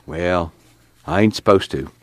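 A man's voice: low-pitched, unhurried, no room sound, studio quality. A man voicing a hesitant, curious gas station attendant in rural dialect.

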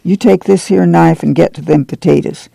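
A man voicing a stern, steady farm mother who speaks firmly in a drawl. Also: low-pitched, moderate pace, creaky, breathy edge, no room sound, heavily acted. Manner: firm and plain-spoken.

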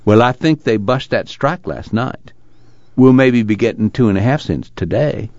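A man voicing a gruff older farming father with a drawl, in a raised voice. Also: mid-range voice, normal speed, darkish tone, no echo, voice pushed up, close to an everyday voice. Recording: muffled, dry.

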